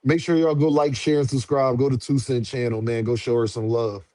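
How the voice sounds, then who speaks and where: On a casual livestream, a man with a medium-pitched voice talks boxing a little quickly, packing his speech with slang. He's animated and answers his chat directly. The recording is dry.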